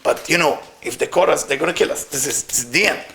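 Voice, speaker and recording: Desperate male thief, voiced by a man, earnest and pleading, bright and edgy in tone. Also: a little high, fast talker, creaky. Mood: boastful. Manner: broken English, earnest pleading.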